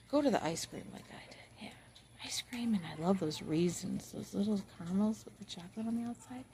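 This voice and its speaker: Earnest chatty woman, noisy room. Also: medium pitch. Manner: earnest, chatty, laughs often, drops to soft whispers. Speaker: spiritual vlogger. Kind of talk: casual spiritual talk to camera. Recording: audible background noise.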